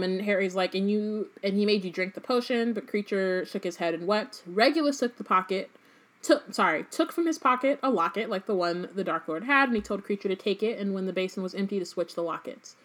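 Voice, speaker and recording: A woman's voice: mid-range voice, expressive, a little fast, fairly bright tone. A woman co-hosting a podcast, casually summarizing a book chapter in a loose, chatty way. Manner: chatty, loose, frequent "um" and asides. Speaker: podcast co-host.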